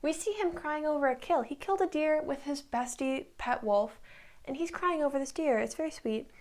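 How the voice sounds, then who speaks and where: A woman's voice: sits high, moderate pace. A woman in her twenties recapping a TV show in a casual, rambling way, full of likes and ums. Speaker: recap vlogger.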